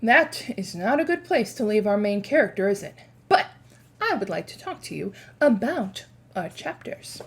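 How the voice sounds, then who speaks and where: A woman's voice: mid-range voice, big pitch swings, normal speed. A woman reading a chapter book aloud to children with expression, then asking her listeners questions about it. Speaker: read-aloud presenter.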